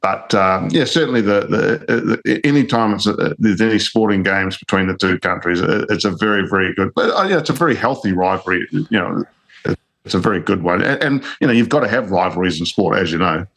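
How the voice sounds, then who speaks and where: Low-voiced New Zealand man. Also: animated, creaky, a bit bright. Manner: halting, many restarts, friendly. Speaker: guest. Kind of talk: casual chat.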